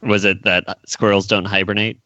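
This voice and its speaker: Halting man on a dull, dry mic. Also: lowish voice, level tone, bright, forceful tone, no room sound. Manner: halting, laughs while talking, many "uh"s. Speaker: podcast co-host. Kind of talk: casual chat.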